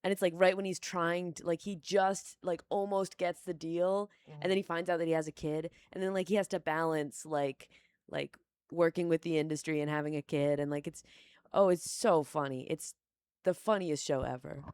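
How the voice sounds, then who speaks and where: A young woman comedian guest chatting casually, deadpan and offbeat, with lots of "like.". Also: on the low side, moderate pace, smooth, dry recording, clean studio sound. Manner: deadpan, offbeat, heavy use of "like". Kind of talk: casual chat.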